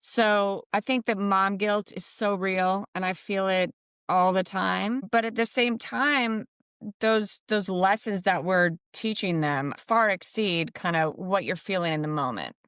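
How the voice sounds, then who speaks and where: A woman's voice: medium pitch, a little slow, a bit bright, smooth, dry recording. A woman sports reporter appearing as a podcast guest, speaking in an encouraging, reflective way. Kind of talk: casual chat.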